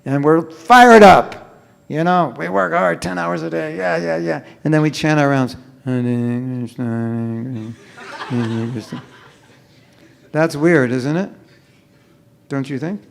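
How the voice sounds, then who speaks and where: A man with a fairly high, gravelly voice teaches a hall full of people at a chanting workshop. He talks with a playful, joking manner and now and then mimics someone chanting in a lazy mumble. He speaks live into a microphone. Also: measured pace. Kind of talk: humorous live workshop talk.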